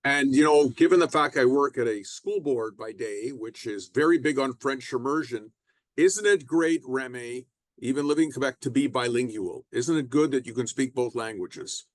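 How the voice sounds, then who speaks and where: A man's voice: mid-range voice, moderate pace, no room sound. A man hosting an interview, asking friendly questions that sometimes stumble. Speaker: podcast host.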